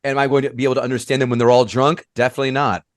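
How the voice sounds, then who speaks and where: A man's voice: mid-range voice, flat delivery, racing. A man hosts a casual podcast, cracking irreverent jokes. His voice sits in the middle range and sounds close and dry, with no room echo. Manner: joking, irreverent. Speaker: podcast host.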